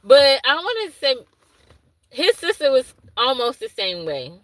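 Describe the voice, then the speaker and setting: A woman who works as an infant daycare teacher, casually telling a story to the camera, animated and laughing, acting out what she said to the babies. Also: sits high, measured pace, no echo, low-quality recording. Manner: animated, laughing, acts out her own asides in dialect.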